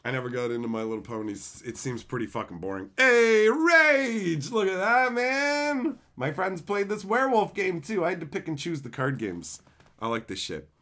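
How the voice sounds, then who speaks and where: Excitable, foul-mouthed male streamer. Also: sits high, normal speed. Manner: profane, excitable, rambling banter. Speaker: live streamer opening card packs. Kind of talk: casual live-stream chat reading viewer messages.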